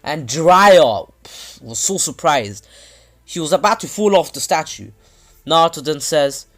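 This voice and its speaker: A man's voice: fairly high pitch, animated, unhurried, a bit bright. A man casually retelling a fan-made story, rambling and restarting as he goes, with faint music behind. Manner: rambling, with many restarts and fillers.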